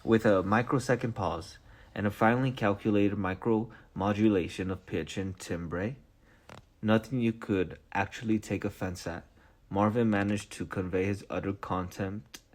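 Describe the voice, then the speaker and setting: A man's voice: lowish voice, a little slow. A man reading a novel aloud as narration, with small stumbles and restarts. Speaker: reader. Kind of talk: read-aloud book narration.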